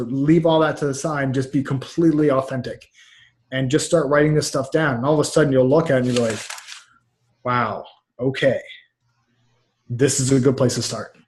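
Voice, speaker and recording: A middle-aged man, a mindset coach, talking casually in an interview over a video call, rambling and repeating words with frank energy. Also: a little high. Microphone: webcam about two feet away.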